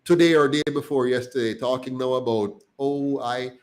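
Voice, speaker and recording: A man's voice: mid-range voice, a little fast, poor audio. A man with a Jamaican accent, a party spokesman speaking passionately and with emphasis on a political talk show. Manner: passionate, grows heated and emphatic.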